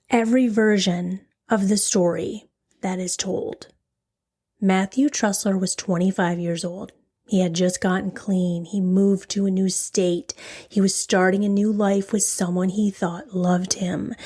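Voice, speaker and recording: A woman hosting a true crime podcast, narrating a case in a dramatic way, dropping into whispers and slowing down on key phrases. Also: mid-range voice, mellow, husky. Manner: dramatic, drops to a whisper for emphasis; slows right down on key phrases.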